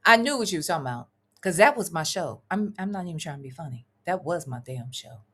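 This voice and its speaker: Woman, middle-aged, live reaction vlog chat, animated pitch, bright voice, casual, swearing. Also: fast, slightly rough. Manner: chatty, wandering, swearing freely, laughing asides. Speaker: commentary vlogger reading live chat.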